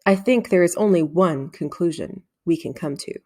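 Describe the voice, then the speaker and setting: A woman reading aloud, voicing a serious deputy headmistress who speaks earnestly and deliberately to her staff. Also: fairly low pitch, darkish tone, natural voice. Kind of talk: storybook read-aloud.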